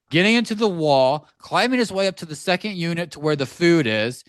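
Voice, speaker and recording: A man co-hosting a podcast, telling a story in an animated, profane ranting way from a home studio. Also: on the high side, dry recording. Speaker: podcast co-host. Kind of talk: casual podcast chat.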